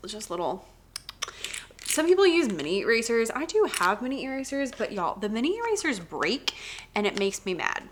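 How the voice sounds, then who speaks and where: Animated, bright-voiced woman music teacher. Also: mid-range voice. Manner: chatty, animated, acts out classroom exchanges in a sing-song voice. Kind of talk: casual teaching vlog.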